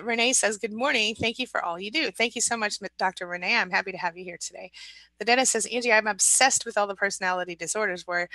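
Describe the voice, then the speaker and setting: Bright-voiced woman coach, chatty. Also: mid-range voice, no echo, low-quality recording. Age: 40s. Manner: reassuring, chatty, frequent restarts and fillers. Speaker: support coach hosting a live stream. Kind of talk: live stream chat reading viewer comments.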